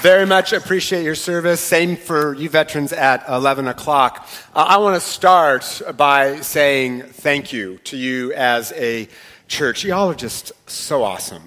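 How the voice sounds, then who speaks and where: A middle-aged pastor delivers a sermon in a church sanctuary, his voice echoing with a long hall reverb against some background chatter. It sits on the high side, slightly raised, bright and forceful yet a little slow, and he keeps an easy, conversational manner, teasing the congregation between points.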